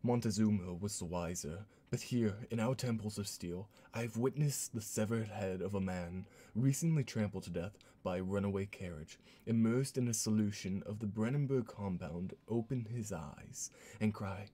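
A man reading out a game's notes in a put-on fake accent, voicing an obsessed, grim older male scientist who speaks slowly and solemnly. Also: on the low side, mellow, husky. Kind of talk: dramatic reading of game notes.

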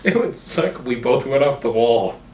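A man's voice: mid-range voice, expressive, normal speed, very noisy. A man playing a tabletop game, hesitant and searching for words as he talks. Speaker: player. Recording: echoey room, far mic.

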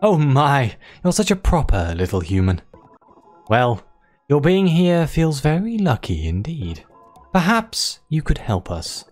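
A game player voicing a gentle, motherly giant female creature queen from a video game, reading her lines with a cooing, doting manner. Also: mid-range voice, big pitch swings, a little slow, faint music behind. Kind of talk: reading game dialogue aloud.

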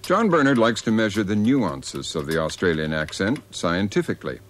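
Lively low-voiced male documentary narrator. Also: moderate pace, slight background noise. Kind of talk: scripted narration.

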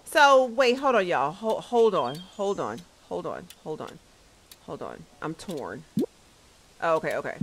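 A woman's voice: fairly low pitch, very animated, unhurried, low-quality recording. A woman streamer giving casual gameplay commentary, laughing often and chatting directly with her viewers. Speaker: gaming streamer. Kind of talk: casual gaming commentary to chat.

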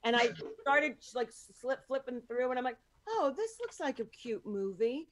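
A woman podcast host chatting casually over a video call, rambling through quick anecdotes. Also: high-pitched, very animated. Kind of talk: casual chat.

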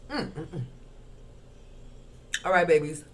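Slow and expressive, the tarot reader speaks in a low voice over a faint hiss or hum. She reads the cards casually to camera, swearing and using slang, firing off rhythmic lists as she smokes and crunches on ice.

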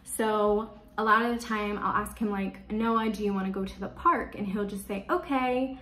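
A woman's voice: medium pitch, steady tone, normal speed, fairly bright tone, a little hiss or hum. A woman giving parenting tips to the camera in casual, chatty speech, often filling with "like". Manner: chatty, leans on "like" as a filler. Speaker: parenting vlogger. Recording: echoey room.

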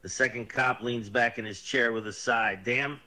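A text-to-speech male voice flatly reading out chatbot story narration. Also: mid-range voice, normal speed.

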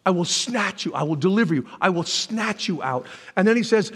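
High-voiced preaching man in a reverberant hall. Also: fairly quick, slightly rough. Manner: animated preaching, jumps to shouts when voicing God; folksy asides to the congregation. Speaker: pastor. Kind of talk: sermon.

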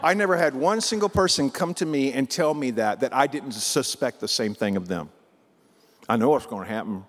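A man's voice: medium pitch, lively intonation, fairly quick, few pauses, big-room sound. A man preaching a sermon as pastor, in a folksy, emphatic way full of rhetorical questions.

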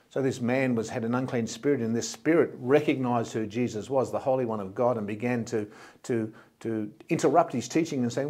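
Man preaching a plain, halting sermon. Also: mid-range voice, darkish tone, breathy edge. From Australia. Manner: plain explanatory preaching with frequent word repeats. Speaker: pastor.

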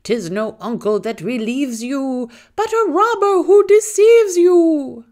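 A woman voicing a screaming peacock that chants a warning in a shrill, high, drawn-out singsong. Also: lively intonation, a little mellow. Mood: urgent warning.

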